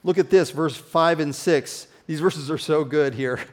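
A man preaching a sermon in a conversational, animated way, often dropping into hushed emphasis. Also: fairly high pitch, unhurried. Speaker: pastor.

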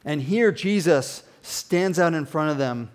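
A man with a fairly high voice preaches a sermon. He talks to the congregation conversationally and with animation, then falls to a hushed tone to stress a point. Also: animated, a little slow. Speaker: pastor.

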